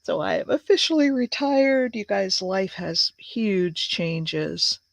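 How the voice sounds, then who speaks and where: Slow gravelly woman in her sixties. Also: mid-range voice, expressive, no echo. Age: 60s. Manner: chatty, reads viewer comments aloud, many fillers. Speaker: crafts channel host. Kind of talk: casual live-stream chat.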